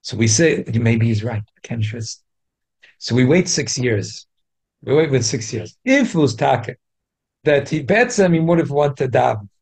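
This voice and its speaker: A man teaching a Torah class in an animated way, repeating key points for emphasis. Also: mid-range voice, unhurried, creaky, husky.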